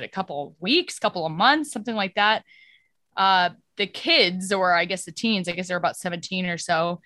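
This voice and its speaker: A woman's voice: fairly low pitch, bright, forceful tone, dry recording. A young adult woman co-hosting a casual podcast, rambling through a plot summary with many fillers and restarts. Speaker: podcast co-host. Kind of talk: casual chat.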